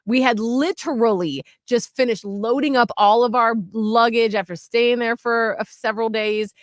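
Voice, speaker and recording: A woman in her thirties co-hosting a radio show, retelling a story in an animated, excitable way. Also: on the high side, moderate pace, dry recording, clean studio sound. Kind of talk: casual chat.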